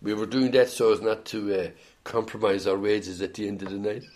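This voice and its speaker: A man's voice: on the low side, steady tone, brisk, a little mellow, slight background noise. An older man with an Irish accent telling rambling stories in an oral history interview, full of hesitant restarts. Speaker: interviewee, former band musician.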